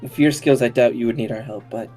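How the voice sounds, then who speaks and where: A man runs a tabletop game, playing characters and narrating in a hesitant way. His voice is dark and mellow. Faint music plays behind him. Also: mid-range voice, steady tone, fast talker. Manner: hesitant, lots of ums. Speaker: game master.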